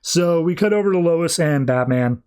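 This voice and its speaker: A man hosting a podcast who recaps a comic in casual, animated talk. His voice sits a little higher than most men's, and he moves along briskly. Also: clear, resonant tone. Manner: animated, acts out characters. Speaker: podcast host.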